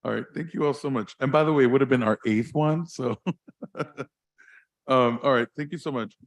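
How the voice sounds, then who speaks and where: A man's voice: mid-range voice, brisk. A man serving as board president, chairing a meeting in a casual way, laughing easily and restarting sentences.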